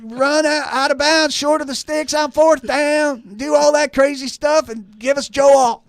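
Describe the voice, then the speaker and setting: A radio host putting on a rowdy Southern-accented fan who wants his team to lose, loud and drawling. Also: extremely high pitch, quick pace, no room sound, pitched above the performer's own voice. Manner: loud, drawling, over-the-top. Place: radio studio.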